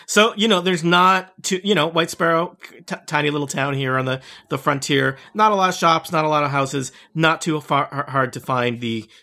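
A man's voice: fairly high pitch, normal speed, few pauses, pushed and bright. A man narrating as game master of a tabletop game, rambling with many fillers and restarts.

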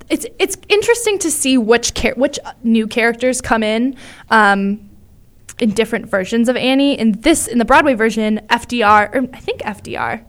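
A woman co-hosting a casual chat about musicals, chatty and enthusiastic, with many fillers. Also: fairly high pitch. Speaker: podcast co-host.

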